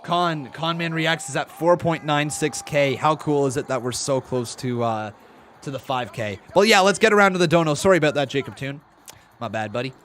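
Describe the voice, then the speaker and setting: A man hosting a live wrestling watch-along stream, chatting with viewers and calling the action play-by-play, getting loud and excited at big moves. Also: fairly high pitch, a little fast, slight background noise. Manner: chatty, reads viewer donations aloud. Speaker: streamer host.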